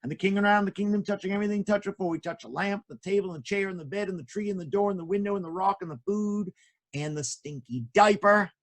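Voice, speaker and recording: A man telling folk tales to children in a playful, jokey, expressive way. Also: high-pitched, fast. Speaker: children's storyteller. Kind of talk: animated storytelling for children.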